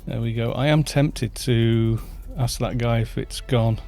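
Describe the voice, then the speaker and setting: A man talks through a live game stream in a loose, rambling way, thinking aloud and replying to his chat. His voice sits at a middling pitch. Soft music plays faintly behind him. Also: steady tone, measured pace, gravelly. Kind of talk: casual live-stream chat while gaming.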